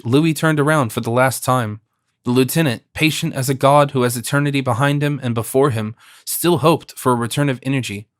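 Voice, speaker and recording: A man narrating a classic novel as an audiobook, in a measured, expressive reading. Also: medium pitch, no echo, clean studio sound.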